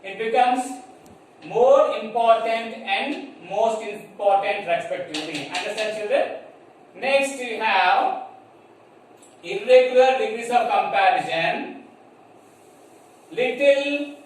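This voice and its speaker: A man with an Indian English accent teaching a grammar lesson to children, slowly spelling out words and checking whether they understand. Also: very high-pitched. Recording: echoey room from far off, faint noise.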